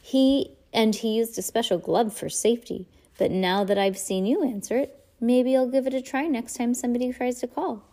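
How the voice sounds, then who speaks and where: A woman's voice: on the high side, normal speed, warm tone, voice pushed up, close to an everyday voice. A woman reading a storybook aloud, voicing a fussy, nervous elderly widow who talks primly and frets easily. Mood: fretful. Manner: prim, fretful and easily flustered.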